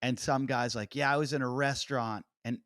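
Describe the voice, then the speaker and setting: A man chats on a podcast, telling a story and acting out every exchange with the people in it. His pitch sits at an ordinary middle. He is recorded close and dry, with no room sound. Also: a little fast, dry recording. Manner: animated storyteller, acting out quotes. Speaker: comedian and podcast host. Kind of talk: casual podcast chat, storytelling.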